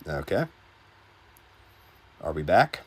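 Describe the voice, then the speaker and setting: A man's voice: extremely low pitch, very animated, takes it slowly, slightly rough. A man hosting a casual game livestream, reading viewer comments aloud in a laid-back, joking way with frequent restarts. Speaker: gaming livestreamer.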